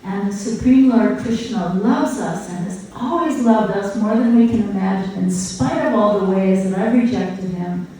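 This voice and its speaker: A woman's voice: mid-range voice, normal speed, few pauses, distant mic. Older woman teaching in an echoey hall. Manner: gentle, conversational, often asks "right?". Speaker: spiritual teacher. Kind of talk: devotional talk to a retreat group. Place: retreat hall.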